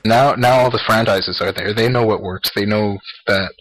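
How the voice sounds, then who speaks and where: Blunt, swearing Canadian man, lowish voice. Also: moderate pace, background noise. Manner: blunt, swears freely, jokey. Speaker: podcast co-host. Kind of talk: casual podcast chat.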